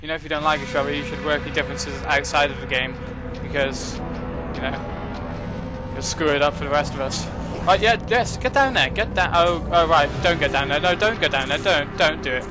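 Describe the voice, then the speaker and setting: A young man giving casual, excitable commentary while playing a game, joking and swearing at what happens on screen. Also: fairly high pitch, fairly quick, over loud music. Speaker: gaming commentator.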